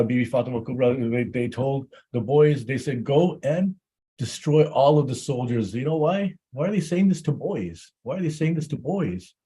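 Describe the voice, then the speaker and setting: A man preaching a Muharram sermon, halting often and repeating words as he builds his story. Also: medium pitch, a little mellow, husky.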